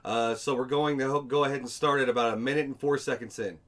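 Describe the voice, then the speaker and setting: A man's voice: mid-range voice, steady tone, fast talker, heavy background noise. A man hosting a commentary video, talking in a sarcastic, exasperated way and swearing now and then. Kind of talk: casual commentary over footage.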